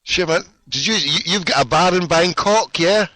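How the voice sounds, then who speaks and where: Glaswegian man, podcast host, high bright voice, dry close sound. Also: normal speed, dry recording, poor audio. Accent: Scottish, Glasgow. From Scotland. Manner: profane, laughing, enthusiastic. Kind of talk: casual podcast chat. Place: in his car.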